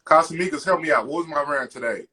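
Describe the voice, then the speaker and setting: A man's voice: a little high, quick pace, pushed and bright, breathy edge. A man co-hosting a casual podcast, ranting with lots of swearing and mocking impressions of other people's speech. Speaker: podcast co-host. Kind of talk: casual chat.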